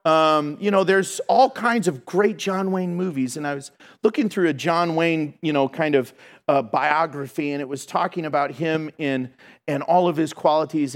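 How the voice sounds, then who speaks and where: A man preaching a sermon, telling funny stories in an animated way and laughing along with his congregation. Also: fairly high pitch. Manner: animated, humorous, laughs between lines. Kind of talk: sermon with storytelling.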